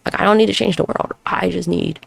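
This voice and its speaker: A woman's voice: lowish voice, fairly quick, vocal fry, husky. A woman in her thirties hosting a solo podcast, rambling and swearing as she reflects and jumps between topics while moving around at home. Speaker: podcast host. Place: at home with neighbors nearby.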